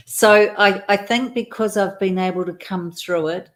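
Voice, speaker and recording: A woman speaking as a guest in a conversation, in a deliberate and affirming way. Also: mid-range voice. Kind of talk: conversational interview.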